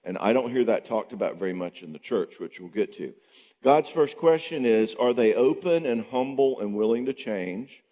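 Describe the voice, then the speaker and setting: A man's voice: medium pitch, normal speed. A man speaking as a counselor at a church marriage conference. His talk is casual and conversational, and he keeps checking in with the audience with "okay?" and "all right?". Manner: acts out quoted people in lively voices. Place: church sanctuary before an audience. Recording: long reverb of a large church hall.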